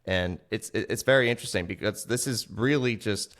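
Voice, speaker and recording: A man's voice: on the low side, brisk, a bit bright. A man co-hosting a casual film discussion podcast. He talks in a chatty way and acts out quoted lines. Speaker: podcast co-host.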